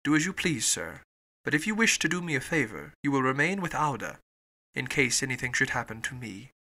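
A man reading an audiobook voices a calm, resolute English gentleman traveller, quiet, cold and measured. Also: mid-range voice, exaggerated voice. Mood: quiet resolve. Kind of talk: audiobook character voice.

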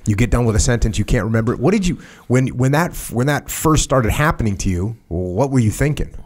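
A man's voice: medium pitch, animated, quick pace. A man hosting a podcast, asking his guest direct questions in a conversational way. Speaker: podcast host. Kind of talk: casual interview.

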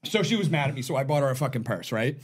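A man co-hosting a podcast, telling a story in a profane, animated way and laughing often. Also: mid-range voice, racing, a little hiss or hum. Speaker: podcast co-host. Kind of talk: casual storytelling chat.

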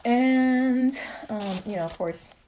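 A young adult woman chatting casually in a haul vlog, rambling and excitable as she shows her shoes. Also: on the high side, takes it slowly, background noise. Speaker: vlogger.

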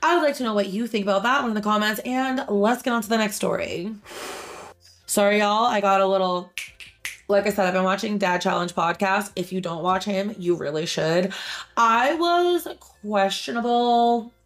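A woman's voice: mid-range voice, steady tone, a little fast, faint music behind. Snappy, blunt woman host ranting. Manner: snappy, blunt, swears freely. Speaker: reaction channel host. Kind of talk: casual commentary reading online stories.

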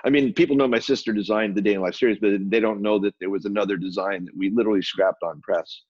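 An older man, a photographer and publisher, telling stories as a guest in a brisk, animated way with quick restarts. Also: lowish voice, slightly rough, no room sound, dull audio. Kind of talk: storytelling in a conversation.

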